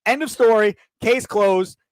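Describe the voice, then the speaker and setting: A man's voice: high-pitched, measured pace, dry recording, poor audio. A man hosting sports talk radio, ranting in heated, emphatic bursts into a studio mic.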